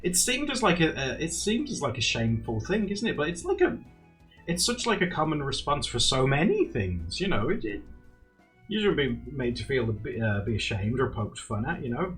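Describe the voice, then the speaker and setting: This young man's mid-range voice swings widely in pitch at a moderate pace, with a slightly bright tone. Hosting a relaxed livestream, he talks with viewers, reads their comments and often laughs, over faint background music.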